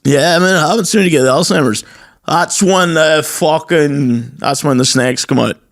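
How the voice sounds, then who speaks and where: A young man, co-hosting a casual comedy chat, joking and slipping into mocking voices. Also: normal speed. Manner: animated, jokey, does high mocking voices in anecdotes. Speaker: podcast co-host.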